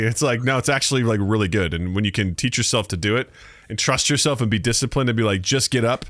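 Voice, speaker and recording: A man co-hosting a casual podcast chat, telling stories in an animated way, jumping into high-pitched voices to act out quotes and laughing often. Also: fast, dry recording. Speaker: podcast co-host.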